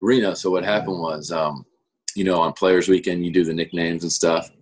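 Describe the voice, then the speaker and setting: Young guy on a podcast, low husky voice, laid back, rambles a bit. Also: steady tone, normal speed, rough recording. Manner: easygoing, rambling explanations. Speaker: guest pitcher. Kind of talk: casual interview chat.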